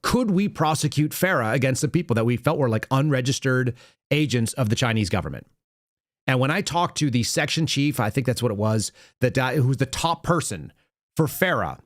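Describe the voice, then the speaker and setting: A man's voice: mid-range voice, dry recording. Dry-voiced man hosting a political talk show. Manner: conversational storytelling with quoted dialogue and restarts. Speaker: podcast host. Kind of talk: casual political commentary.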